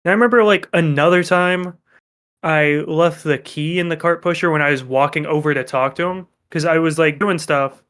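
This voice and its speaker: A young man co-hosting a podcast, telling work stories in a profane, animated way. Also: on the high side, moderate pace, smooth. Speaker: podcast co-host. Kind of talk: casual chat.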